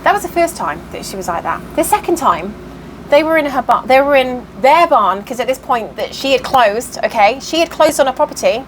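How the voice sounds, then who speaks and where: A woman vlogger telling a long personal story in casual chat, animated and exasperated. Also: high voice, a little fast, slight background noise, poor audio. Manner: animated, exasperated, acts out quoted voices. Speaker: cross-stitch vlogger.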